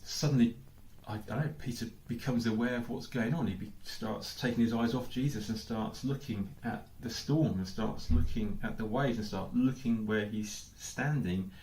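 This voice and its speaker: A man's voice: lowish voice, normal speed, few pauses, darkish tone. English man preaching in an echoey hall. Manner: thinking aloud, with many repeated "I don't know" and questions. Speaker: pastor. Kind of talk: sermon. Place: church hall.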